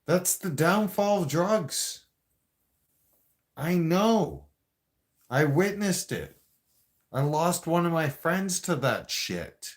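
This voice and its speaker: Slow-talking man ranting on a live stream. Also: fairly high pitch, big pitch swings. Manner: confrontational, addresses viewers directly, rambling with restarts. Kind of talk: casual live-stream rant to viewers.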